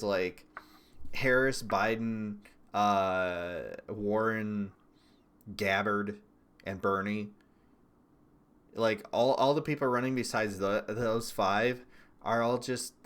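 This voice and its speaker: A young man riffing through casual livestream political commentary in a lowish voice. He is sarcastic and swears freely, breaking into laughter between his remarks. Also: slow, a bit bright, smooth. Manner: profane, sarcastic, laughs often.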